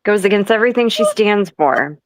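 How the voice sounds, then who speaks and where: A woman's voice: mid-range voice, lively intonation, fairly quick, no room sound. Woman, casual gossip chat, rambling, laughs a lot, dry close sound. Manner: rambling storyteller, laughs often.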